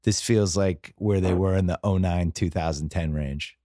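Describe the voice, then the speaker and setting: A man's voice: low-pitched, normal speed, mellow, no room sound, clean studio sound. A man hosting a podcast, chatting casually about football in a rambling, wry way that keeps restarting its sentences. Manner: rambling, self-interrupting, wry. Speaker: podcast host. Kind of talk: casual sports chat.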